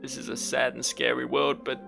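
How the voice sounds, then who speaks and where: A man voicing a calm, wise woman friend. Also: mid-range voice, moderate pace, creaky, faint music behind. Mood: persuasive. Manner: calm, reflective, gently persuasive. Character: wise, gentle female friend, sad and calm. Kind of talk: reading game dialogue aloud.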